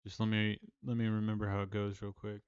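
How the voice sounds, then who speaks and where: A man's voice: lowish voice, monotone, quick pace, clean tone, dry recording, highs cut off. A man from Maryland hosting a casual livestream, rambling, self-deprecating and restarting his sentences. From Maryland, USA. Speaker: livestream host and songwriter.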